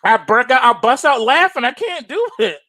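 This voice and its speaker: A man's voice: very high-pitched, lively intonation, moderate pace, sharp tone, no echo. Incredulous, laughing man host. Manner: laughing hard, incredulous, exclaiming. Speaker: trading show host. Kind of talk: casual chat.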